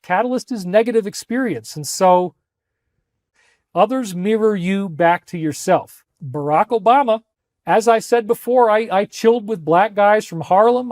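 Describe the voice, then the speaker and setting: Man, high pitch, intense and emphatic speaker who hammers his points through repetition. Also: darkish tone, dry recording, studio quality. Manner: emphatic, repeats phrases for stress. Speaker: speaker in archived clips. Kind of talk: impassioned talk to viewers.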